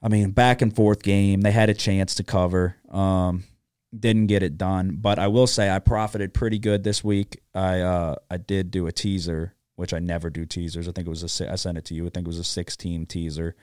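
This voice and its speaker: Low-voiced man ranting about sports bets. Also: little pitch movement, moderate pace, a little mellow, smooth, dry recording, clean studio sound. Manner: profane, ranting. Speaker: sports betting podcast co-host. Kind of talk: casual sports betting chat.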